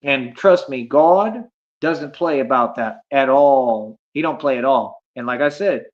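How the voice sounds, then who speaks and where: A man's voice: medium pitch, a little slow. A man livestreaming, ranting at his chat in a boastful, confrontational, slangy way. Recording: dull lo-fi stream audio.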